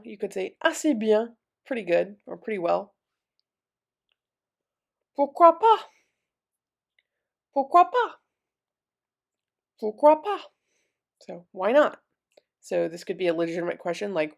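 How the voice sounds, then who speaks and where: A woman's voice: mid-range voice, vocal fry, darkish tone. A young adult woman teaching a French vocabulary lesson, repeating each word patiently and giving the English after it. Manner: slow, patient drilling with repeated words. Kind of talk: vocabulary lesson, repeating words then translating.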